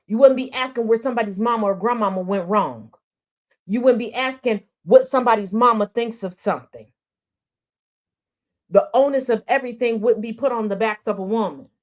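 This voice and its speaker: A woman's voice: on the high side, fairly quick. A woman hosting an opinionated commentary stream, sassy and sarcastic, hammering points with rhetorical questions and repetition. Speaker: news commentary host.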